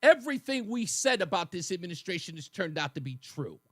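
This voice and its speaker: A male radio host riffs through a combative political monologue, sarcastic and mocking. His voice sits high for a man and comes across dry and close in the studio, with a faint electrical hum underneath. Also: very animated, brisk, fairly bright tone, no room sound. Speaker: radio talk show host.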